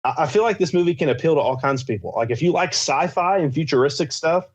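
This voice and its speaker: A man's voice: a little high, expressive, fast, husky. A young man co-hosting a podcast, gushing about films in a casual, rambling way full of fillers. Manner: enthusiastic, rambling with many fillers. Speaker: podcast co-host. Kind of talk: casual chat. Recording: slightly dull lo-fi sound.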